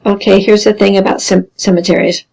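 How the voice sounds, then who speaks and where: Woman, raspy edge, mid pitch, measured deadpan teaching. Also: rough recording. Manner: dry deadpan humor, measured explanatory pace. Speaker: genealogy instructor. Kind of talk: recorded lesson over slides.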